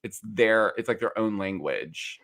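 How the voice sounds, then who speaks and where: A man guesting on a casual chat, recapping a reality show in an animated, catty, emphatic way. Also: fairly low pitch, unhurried, creaky, no room sound. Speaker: guest co-host.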